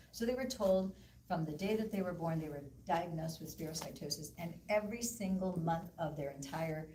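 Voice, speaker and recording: A woman's voice: low voice, distant mic, slight background noise. Woman telling a story in an echoey room. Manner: animated, acts out quoted voices. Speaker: presenter at a live wellness event. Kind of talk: storytelling talk to a live audience. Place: event room.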